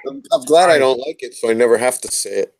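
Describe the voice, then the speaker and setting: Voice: medium pitch, quick pace, a little mellow, slight background noise, poor audio. A guest in a casual group chat who giggles a lot and asks curious questions.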